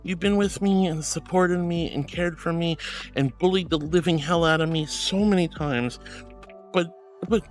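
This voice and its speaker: A man's voice: on the high side, moderate pace, faint music behind. A man streaming live, chatting with viewers and reading their messages aloud. He talks in a gushing, affectionate way, laughs often and calls people sweetie and honey. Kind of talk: livestream chat, reading chat.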